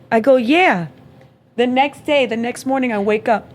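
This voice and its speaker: A woman's voice: fairly high pitch, moderate pace. A young woman hosting a podcast, casually chatting and telling a story, acting out both sides with frequent laughs. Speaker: podcast host. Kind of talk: casual chat.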